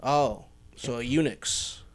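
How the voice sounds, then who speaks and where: A man on a comedy podcast chiming in with short deadpan quips during casual banter. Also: medium pitch, very slow. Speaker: podcast co-host.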